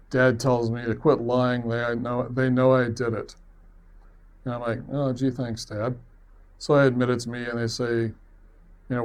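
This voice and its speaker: A man of medium pitch recounting a story from his own life. He rambles along in a loose, conversational way, self-deprecating, with an easy chuckle here and there. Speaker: web series producer. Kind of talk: personal storytelling.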